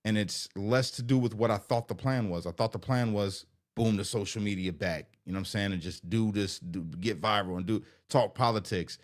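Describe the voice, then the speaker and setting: A man's voice: on the low side, normal speed, hardly any pauses. A man talks candidly to camera in an earnest, heartfelt way, often repeating himself. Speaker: vlogger.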